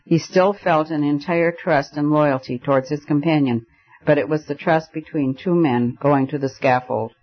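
A man reads an audiobook aloud in a measured storytelling manner. His voice is slightly high, and the recording sounds dull and lo-fi. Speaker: audiobook narrator. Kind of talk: scripted narration.

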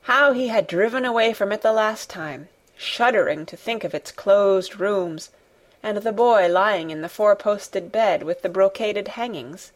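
A woman narrating a classic novel as an audiobook, calm and measured. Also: medium pitch.

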